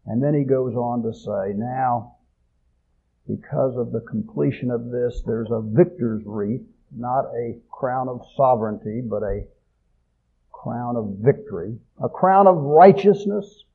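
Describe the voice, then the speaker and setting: A man preaching a sermon, swelling loud on key phrases and dropping low at the ends. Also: unhurried, vocal fry, husky. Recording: tinny phone-like audio.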